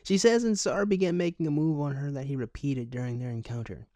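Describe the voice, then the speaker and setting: Sarcastic man with a dark voice. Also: on the high side, fairly quick, dry recording, clean studio sound. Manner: sarcastic, deadpan asides between read passages. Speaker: commentary YouTuber. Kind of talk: reading a news article aloud with comic commentary.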